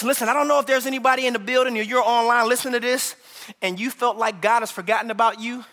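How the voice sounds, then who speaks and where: High, bright-voiced impassioned man preaching. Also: steady tone, quick pace. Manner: impassioned, rising to shouts when voicing cries to God. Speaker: pastor. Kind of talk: sermon. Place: large church hall. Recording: echoey hall reverb.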